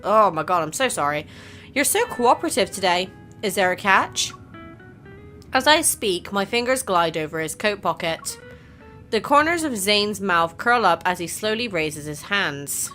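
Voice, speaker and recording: A woman's voice: medium pitch, expressive, measured pace, bright, forceful tone, faint music behind. A woman hosting a casual game playthrough, chatting, reacting and reading the story aloud. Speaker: gaming channel host.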